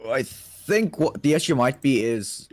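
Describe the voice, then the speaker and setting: A man's voice: medium pitch, animated, unhurried, no room sound. A man co-hosting a casual livestream book reading, chatting over an online voice call and fretting about connection trouble. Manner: apologetic, fussing over tech trouble. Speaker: co-host reading a book on stream.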